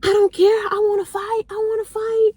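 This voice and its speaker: A woman putting on a shrill sloppy-drunk girl. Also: flat delivery, moderate pace, no echo. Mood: belligerent. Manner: shrill, yelling and wailing. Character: sloppy drunk young woman, loud and erratic.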